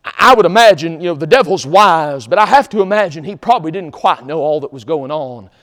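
A man preaching in a church sanctuary, his voice high and lively, leaping up and dropping down as he drives his points home. He swings from loud, emphatic exhortation to near-hushed asides, and a long hall reverb trails every phrase. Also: fairly quick. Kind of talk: sermon.

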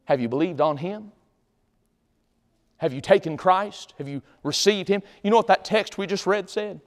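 A male pastor preaching a sermon in a church, swinging from loud shouts to quiet pleading. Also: high voice, normal speed, in a large hall. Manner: impassioned Southern preaching with sudden loud shouts. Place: church sanctuary.

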